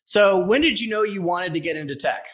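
Bright-voiced teasing male podcast host. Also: sits high, animated, fairly quick. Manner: teasing, joking banter. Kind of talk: casual interview.

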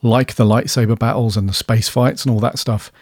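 A man's voice: mid-range voice, steady tone, brisk, darkish tone, no room sound, studio quality. A man co-hosting a podcast, musing and hedging through long, rambling questions. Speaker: podcast co-host. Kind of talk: casual chat. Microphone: studio dynamic mic.

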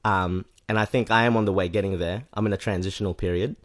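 A rapper guesting on a podcast talks fast and casually in a low-pitched voice with fairly even intonation. He rambles, corrects himself mid-sentence, and fills pauses with "um" and "like."

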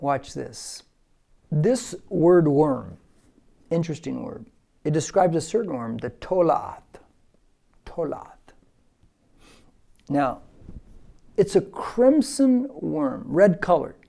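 A man's voice: fairly high pitch, vocal fry, warm tone. A male pastor preaching a verse-by-verse sermon with emphasis, leading listeners in repeating key phrases.

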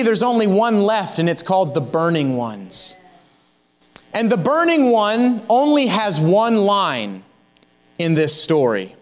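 A man's voice: high-pitched, wildly swooping pitch, slow, long pauses. A young adult man, a guest pastor, preaching a fervent sermon that exhorts the congregation.

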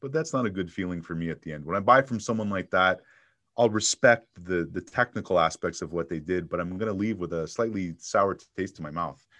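A man talking casually in an interview about selling, an energetic storyteller who acts out little bits of dialogue. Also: low-pitched, fairly quick, dry recording. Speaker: sales trainer and guest.

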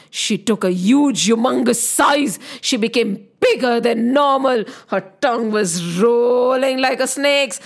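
A woman storyteller narrating a myth to children. Her voice is high and slow, swelling with drama at each turn. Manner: expressive, sweeping, emphatic.

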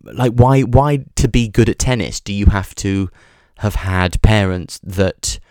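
A male podcast host wanders through a comic monologue packed with swearing and stumbling restarts. His lowish, darkish voice holds a steady tone and moves a little slowly. The studio-quality audio has no room sound.

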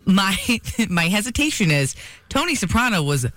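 High, bright-voiced radio co-host man. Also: sing-song, normal speed, no echo. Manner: earnest, reads listener texts. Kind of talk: casual morning radio chat.

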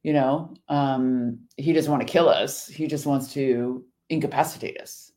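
A woman's voice: very deep voice, steady tone, measured pace, mellow. Emphatic woman in devotional chat. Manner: earnest, emphatic. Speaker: co-host.

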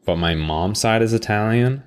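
Very deep-voiced young man chatting. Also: moderate pace, clean tone. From Canada. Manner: animated storyteller, swears, acts out quotes. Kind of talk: casual chat.

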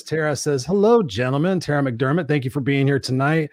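A man's voice: fairly high pitch, a little fast, a little mellow, no echo, studio quality. A man co-hosting a casual livestream chat, joking around and reading out viewer comments. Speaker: co-host.

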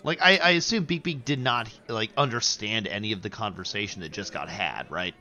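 A man talks in a bright, tense voice, rambling and laughing at himself as he plans his turn in a tabletop game. His mic sounds dull and lo-fi. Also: lowish voice, fairly quick. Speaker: player. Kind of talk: casual tabletop play.

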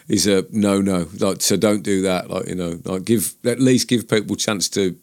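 A man's voice: deep voice, steady tone, normal speed, a little mellow. A man hosting a podcast, chatting in an easygoing, reasonable way and laughing along with his co-host. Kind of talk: casual podcast chat.

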